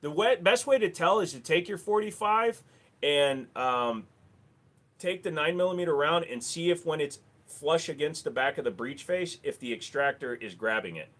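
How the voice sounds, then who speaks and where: A livestream host with a medium-pitched, fairly bright voice chats offhandedly with viewers. He rambles and swears freely into a desk microphone.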